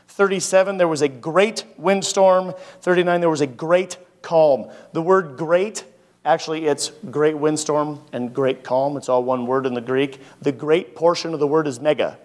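Male pastor, slightly high voice, casual teaching sermon, full of rhetorical questions. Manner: conversational, asks the audience many rhetorical questions.

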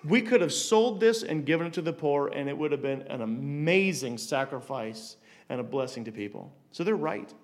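A man's voice: on the high side, expressive, normal speed. A man giving a conversational Bible teaching, stumbling and repeating words as he asks rhetorical questions.

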